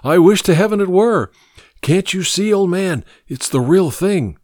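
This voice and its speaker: A man voicing a kindly, burly doctor who speaks earnestly and gently. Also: sits high, expressive, a little slow, no room sound, clean studio sound, voice pushed up. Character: kindly burly doctor, grave and warm-hearted.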